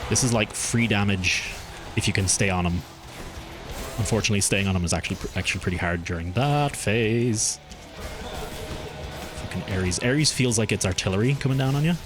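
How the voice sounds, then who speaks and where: A man's voice: a little fast, pauses often, over music. Chatty male streamer thinking aloud. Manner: chatty, thinks aloud, lively swings in pitch. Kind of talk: casual gameplay commentary.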